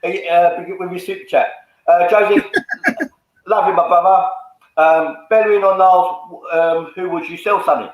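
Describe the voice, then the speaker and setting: A man's voice: high-pitched, moderate pace. A man hosting a casual fan stream, jokey and full of slang as he reads out viewer comments. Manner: jokey, drops slang, lots of "um". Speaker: host reading viewer comments. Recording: very echoey room.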